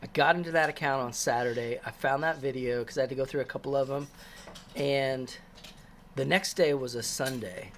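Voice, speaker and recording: Casting: man, middle pitch, casual testimony, halting, filler-heavy, faint hiss behind. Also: steady tone. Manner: rambling, many fillers and restarts. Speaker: christian storyteller.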